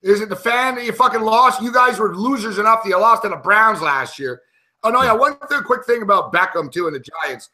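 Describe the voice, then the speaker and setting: A man talking football bets in loose, profane chat, getting worked up as he rants. His voice sits high and sounds very bright and forceful. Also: expressive, fairly quick. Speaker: co-host and sports handicapper. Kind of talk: casual sports betting chat.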